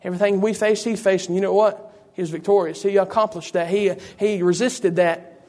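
A man preaches a sermon in a high, ringing voice. He keeps turning to the congregation with "you know what?" and rhetorical questions, building his points through repetition. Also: fairly even intonation, brisk, a little mellow. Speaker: pastor.

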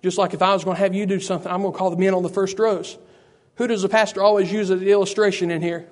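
A man's voice: high-pitched, flat delivery, racing. A man preaching a sermon, fervent and repetitive, calling out to listeners by name. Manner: addresses listeners by name, frequent "I tell you".

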